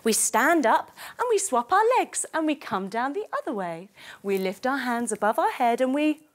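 A woman telling a story as a yoga teacher for children, playful and animated while she gives gentle instructions. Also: on the high side, normal speed.

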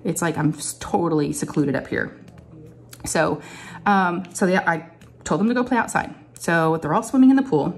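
A woman's voice: fairly low pitch, normal speed, vocal fry. A middle-aged woman, chatting casually as she tells a long story in her home craft room. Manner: chatty, animated storytelling with many asides. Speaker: crafting vlogger.

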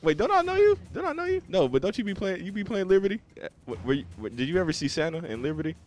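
A young man giving loose, slangy commentary while playing a game online, muttering to himself one moment and shouting at other players the next. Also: high voice, sing-song, racing. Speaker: gaming YouTuber. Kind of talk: live gameplay commentary.

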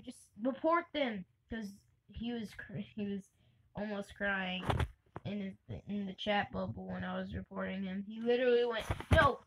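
A young woman giving chatty, excitable gameplay commentary for her channel, laughing and shrieking often. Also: on the high side, background noise. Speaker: gaming channel host.

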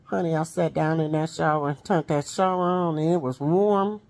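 A woman's voice: sits low, steady tone, normal speed, a little mellow. A middle-aged woman vlogging in a chatty storytelling way, wheezing and coughing as she talks and calling her viewers honey and y'all. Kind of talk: casual storytelling vlog.

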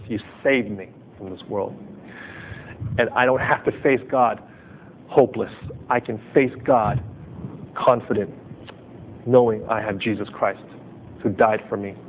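A male pastor preaching a sermon in short, emphatic phrases, then leading the congregation in fervent prayer. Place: chapel service. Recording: tinny lo-fi recording with low rumble.

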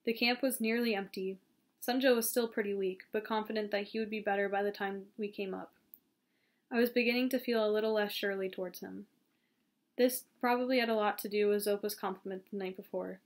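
A woman reading a novel aloud, steady and calm, now and then stumbling and restarting a phrase. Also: mid-range voice, brisk. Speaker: audiobook reader.

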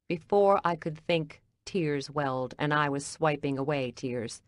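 Woman reading a novel in first person, low quiet voice, dry close sound. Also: a little slow, few pauses, dry recording. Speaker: audiobook narrator. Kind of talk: first-person scripted narration.

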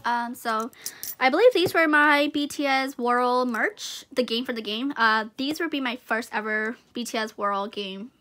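A young woman with a high, bright voice talks through an unboxing in a casual vlog. She gushes and giggles over each item, excitable and chatty. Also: a little slow. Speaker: vlogger unboxing gifts.

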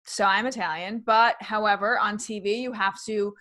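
A comedian woman from New York, her old accent mostly trained away, talks about her work in a relaxed interview. She speaks in an animated, chatty way, laughs easily and often starts her sentences over. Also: medium pitch, normal speed. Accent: slight New York, mostly trained out. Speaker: comedian and actress guest. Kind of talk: casual interview conversation.

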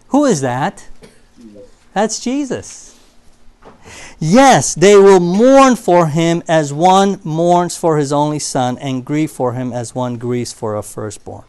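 A man preaching a sermon in a church, telling stories and swinging from loud emphasis to quiet asides. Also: fairly high pitch, expressive, takes it slowly, smooth.

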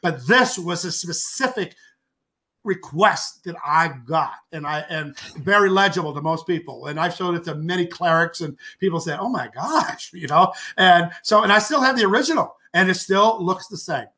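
An older man with a high voice tells a long personal story as a podcast guest. His tone is bright and forceful. He rambles, repeats words and acts out what people said. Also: normal speed. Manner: acts out quoted speech with lively voices. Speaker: podcast guest, author and artist.

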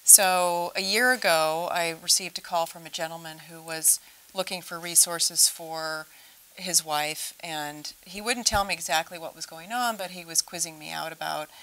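A woman's voice: fairly low pitch, steady tone, moderate pace, pushed and bright, rough recording. A woman from a senior services organization, telling an earnest story as a guest in a TV interview. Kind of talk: TV interview talk.

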